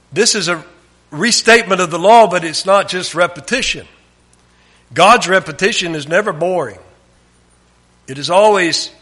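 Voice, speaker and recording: A man giving a Bible teaching, emphatic, often dropping his voice low at the end of a phrase. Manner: emphatic, drops to a hush at phrase ends. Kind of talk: sermon.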